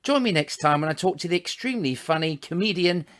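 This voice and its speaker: A man hosting a podcast, chatty and quick to laugh as he wraps up an interview. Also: high-pitched, lively intonation. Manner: chatty, laughs often, warm thanks. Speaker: podcast host. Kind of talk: casual interview and outro.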